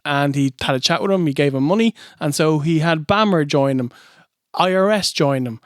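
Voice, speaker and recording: A man co-hosting a comedic wrestling review, telling the story with animated, mocking energy. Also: fairly high pitch, normal speed, no room sound, studio quality. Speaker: podcast co-host.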